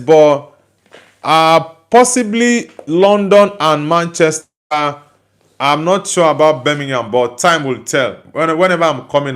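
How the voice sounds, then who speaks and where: A man's voice: mid-range voice, a bit bright, clear, resonant tone. Nigerian male host, resonant voice, casual livestream chat, reads comments and answers them. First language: Igbo. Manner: reads out viewer comments and replies chattily.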